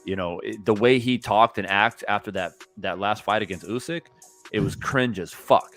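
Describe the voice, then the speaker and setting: A man's voice: on the low side, normal speed, no echo, faint music behind. A man co-hosting a casual boxing chat, swearing freely and slipping into mocking impressions. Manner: profane, animated, does mocking impressions. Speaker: boxing podcast co-host. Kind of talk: casual fight-talk chat.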